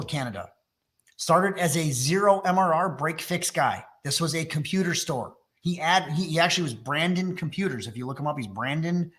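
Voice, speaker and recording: Upbeat Texan sales trainer. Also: male voice, on the high side, fairly bright tone. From Texas. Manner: fast, enthusiastic salesy delivery. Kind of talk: live sales webinar pitch.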